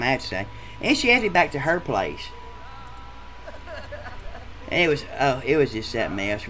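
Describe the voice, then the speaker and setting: A man's voice: mid-range voice, sharp tone, slight background noise. A man voicing a crude, rowdy adult male gameshow contestant who rambles through a profane story in a comedic machinima.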